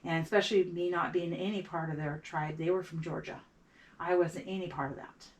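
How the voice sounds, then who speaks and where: A woman's voice: lowish voice, steady tone. Middle-aged woman telling a story a bit far off. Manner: halting, repeats words, acts out quoted voices. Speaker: beadwork artist. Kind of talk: casual storytelling interview.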